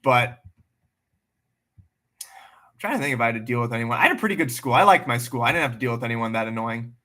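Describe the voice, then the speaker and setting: Male livestream host, bright forceful tone, blunt and animated, swears freely, casual off-the-cuff chat. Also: mid-range voice, fast talker.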